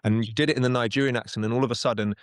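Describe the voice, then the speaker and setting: A man's voice: medium pitch, fairly even intonation, rapid-fire, no echo, clean studio sound. Rambling male podcast host. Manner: rambling, many restarts and asides. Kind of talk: casual discussion.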